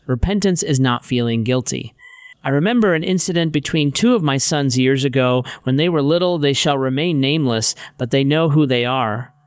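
Middle-aged guy narrating his faith book, smooth clear voice, dry close sound, plain and a bit wry. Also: mid-range voice, normal speed, no room sound. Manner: plainspoken, wry, steady teaching tone. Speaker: author. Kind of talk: audiobook narration of a Christian teaching book.

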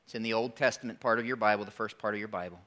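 Bright-voiced animated male pastor. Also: fairly low pitch, very fast. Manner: animated storytelling with call-and-response to the congregation. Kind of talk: sermon.

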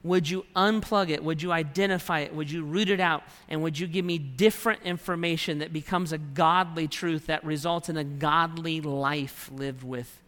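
A man's voice: on the high side, fairly even intonation, normal speed, few pauses, fairly bright tone. A man preaching a sermon in a conversational way, acting out the prayers and thoughts of his listeners. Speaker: pastor. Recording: long hall reverb.

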